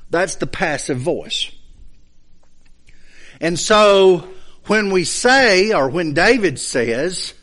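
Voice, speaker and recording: A man with a high, sing-song, fairly bright voice teaches a Bible study lesson, explaining points step by step. He goes slowly and checks in with his listeners through asides to make sure they understand.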